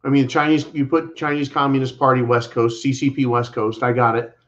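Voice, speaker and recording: A man's voice: medium pitch, little pitch movement, a little fast, a bit bright. A man co-hosting a livestream, giving casual political commentary in an emphatic, repetitive way and speaking to viewers as "folks". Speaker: livestream co-host. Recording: dull lo-fi livestream audio.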